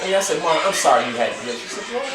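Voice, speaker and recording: A man, telling an animated story at a family gathering and acting out the voices in it. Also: a little high, racing, loud music behind the voice. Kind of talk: casual storytelling. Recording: roomy, with a crowd.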